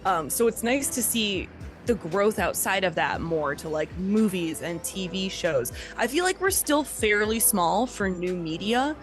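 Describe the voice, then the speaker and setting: Podcast guest: woman from the Chicago area, a voice actor, casual and talkative, mid pitch. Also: expressive, measured pace, faint music behind. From Chicago area, USA. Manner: chatty, lots of "like".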